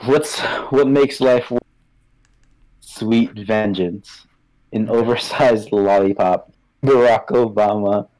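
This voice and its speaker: A man's voice: on the low side, slow, darkish tone, no room sound, low-quality recording. A man joking darkly and laughing while playing a card game with friends. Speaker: streamer playing cards. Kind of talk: casual chat over a card game.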